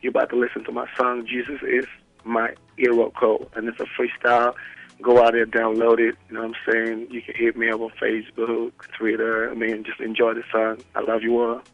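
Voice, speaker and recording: A man talks quickly on a dry, close recording as a musician calling in to a radio interview. His tone is bright, his pitch stays level, and his delivery is laid-back and casual. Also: monotone, creaky, no room sound, highs cut off. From Nigeria. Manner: laid-back, peppers talk with "you know what I'm saying".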